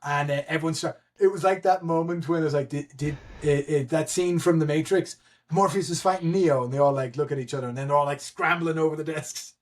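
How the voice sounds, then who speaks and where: A man telling a story in a casual podcast chat, animated and laughing, with many fillers and restarts. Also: a little high, a little fast. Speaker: guest, event admin.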